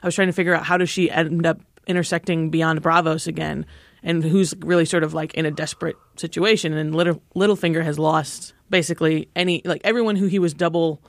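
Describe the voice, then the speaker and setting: A man on a discussion panel, thoughtful and quick to joke. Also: on the high side, fairly even intonation, gravelly, no room sound. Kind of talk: casual TV discussion.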